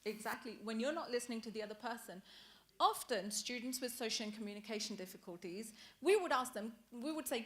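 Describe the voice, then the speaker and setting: A woman teacher leading a training workshop, talking lively and acting out short example dialogues for the group. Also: a little high, brisk. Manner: animated, acts out example dialogues. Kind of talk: workshop presentation.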